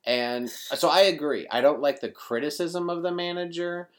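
A man with a slightly high voice talks at normal speed while co-hosting a casual movie-discussion podcast. He rambles, corrects himself as he goes, and laughs frequently.

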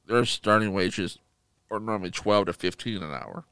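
Gravelly, animated male storyteller. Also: on the low side, normal speed, no echo. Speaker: podcast co-host. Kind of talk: casual chat.

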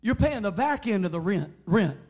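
A man's voice: sits high, lively intonation, normal speed, a little mellow. A man voicing a blunt landlord who lays out hard lease terms. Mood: dismissive. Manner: dismissive, matter-of-fact.

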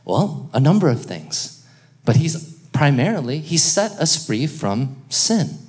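A male pastor preaching with lots of energy and a conversational touch. He swings his voice up high for emphasis and drops it low and quiet for serious points, joking with the congregation along the way. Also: slow pace. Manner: lively, conversational preaching with jokes and audience interaction. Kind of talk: sermon.

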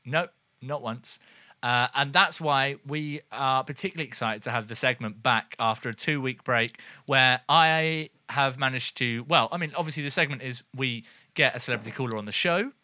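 Playful guy hosting a comedy pod, bright voice, dead dry close sound. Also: mid-range voice, normal speed, no room sound. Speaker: podcast co-host. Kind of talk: casual comedy banter.

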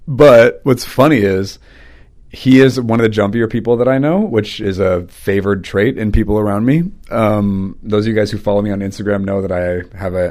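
A man's voice: fairly low pitch, darkish tone. A man hosting his own podcast, telling stories in a loose, rambling, chatty way. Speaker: podcast host; teacher and preacher. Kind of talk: casual podcast chat.

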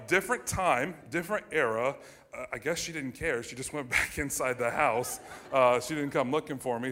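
Male, 30s, storyteller; lively anecdote delivery, lots of restarts, average pitch. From United States (Ohio). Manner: animated, lots of fillers and restarts. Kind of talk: personal anecdote told to an audience.

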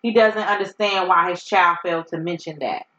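A woman co-hosting a podcast in casual chat, excitable and steering the topics. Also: on the low side, normal speed. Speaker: podcast co-host. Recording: echoey room, dull lo-fi sound.

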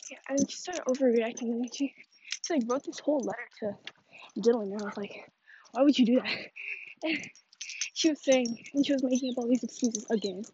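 A woman's voice: a little high, a little fast, lo-fi sound, noisy background. A young woman chatting casually and rambling as she walks her dog outdoors, full of fillers and gossipy asides. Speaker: vlogger. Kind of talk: casual fake phone chat while walking. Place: outdoors on a neighborhood walk with a dog. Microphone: phone held while walking.

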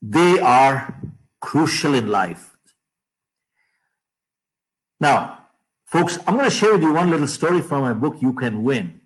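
A man giving a motivational talk to an audience, emphatic, repeating key phrases and dropping his voice low on punchlines. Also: animated, takes it slowly, pauses often, poor audio. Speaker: motivational speaker.

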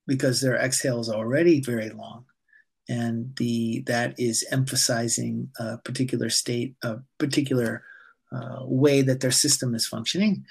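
Guiding a breathing exercise during an interview, a male yoga teacher talks calmly, haltingly, and with lots of fillers. His voice is medium-pitched and husky, with vocal fry.

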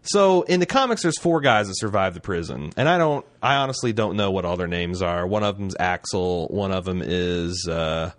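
A man's voice: deep voice, expressive, normal speed, hardly any pauses. A man co-hosting a podcast in casual chat, rambling and loose, swearing freely and restarting his sentences. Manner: rambling, loose and profane, with many restarts and fillers. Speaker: podcast co-host.

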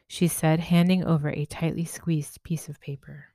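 A woman, a spiritual medium, narrating a first-person story in a calm, gentle way. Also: low-pitched, moderate pace, vocal fry, hardly any pauses, no echo, studio quality. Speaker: spiritual medium and podcast host.

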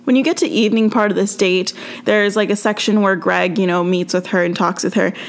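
A young woman talks her way through a story in an easygoing, casual way, with "like" and "um" tucked into nearly every sentence. Her voice sits at an ordinary middle pitch. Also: steady tone, a little fast. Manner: chatty, filler-heavy storytelling with frequent "like" and "um". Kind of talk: casual chat recapping a TV episode.

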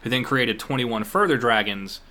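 Young man from Kentucky, casual game-master chat, bright tone, middle pitch, rambles with ums and restarts. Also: moderate pace. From Eastern Kentucky. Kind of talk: casual chat about worldbuilding.

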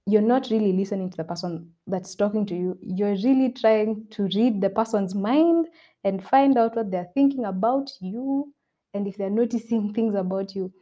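A woman's voice: medium pitch, moderate pace, warm tone, highs cut off. A young woman hosting a self-help podcast, talking earnestly and repeating her points for emphasis. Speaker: podcast host. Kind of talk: motivational self-help talk.

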